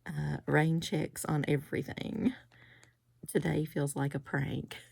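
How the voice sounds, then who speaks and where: A middle-aged woman chats her way through a haul video. Her voice sits low, with a gravelly fry. She rambles from one story to the next with little giggles along the way. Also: little pitch movement, takes it slowly, noisy background. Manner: chatty, rambling, giggly asides. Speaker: crafting vlogger. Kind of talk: casual haul chat.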